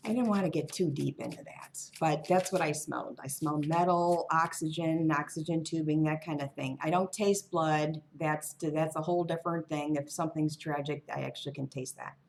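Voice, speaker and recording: A woman's voice: deep voice, moderate pace, creaky. A woman reading tarot cards alone on her channel, musing in a wandering, offhand way. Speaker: tarot reader. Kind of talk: casual tarot reading monologue.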